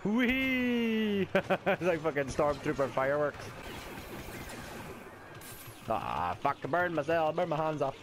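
A young man talks over his gameplay into a headset at home, his pitch leaping all over as he reacts. He is sweary and excitable, and he laughs at his own blunders. Faint background noise sits under his voice. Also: measured pace, pauses often. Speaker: gaming YouTuber. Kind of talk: live gameplay commentary.

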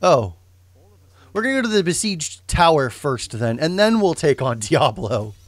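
A young man talks loosely over his gameplay, wandering off on asides and restarting his sentences. His voice sits a little high for a man. The sound is close and dry, with no room around it. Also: sing-song, moderate pace, no room sound. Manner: rambling, self-correcting, joking asides. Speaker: game streamer. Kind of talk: casual gameplay commentary.

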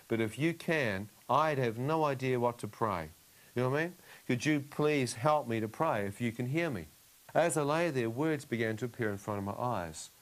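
A man giving a testimony in casual conversational storytelling, reliving the scene and acting out his own inner prayers with frequent "you know what I mean" asides. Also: medium pitch.

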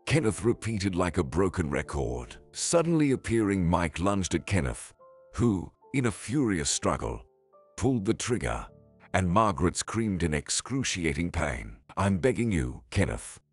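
A man reading a dramatic story aloud in a very deep, husky voice. His pitch rises and falls a great deal, and faint music plays under him. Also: sing-song, a little slow. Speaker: narrator. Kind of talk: scripted story narration.

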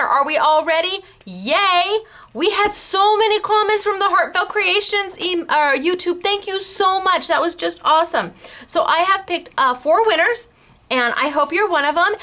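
A woman hosting a craft shop video show, chatting through announcements in a bubbly, giggly way and spelling out names and numbers slowly. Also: high-pitched, expressive, sharp tone. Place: craft store.

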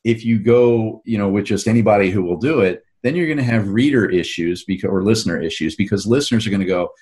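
A man's voice: fairly low pitch, fast, darkish tone. A man, an author and show host, talking casually in an interview and explaining at length with frequent restarts.

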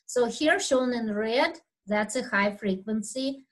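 A woman instructor giving a recorded anatomy lecture over slides, speaking loudly in an unhurried, explanatory way with fillers and throat clearing. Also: a little high, rough recording. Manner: talks loudly by habit.

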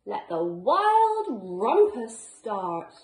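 A woman voicing a wild, bossy little boy who rules over monsters, calling out in loud, commanding bursts, recorded in an echoey room. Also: on the high side, wildly swooping pitch, drawn-out words, exaggerated voice. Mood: gleeful.

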